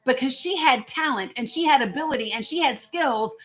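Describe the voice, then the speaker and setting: A woman hosts a livestream in a blunt, profane, direct way. Her voice sits high. She speaks straight to her viewers. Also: animated, a little fast, a bit bright. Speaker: host. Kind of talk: political livestream commentary.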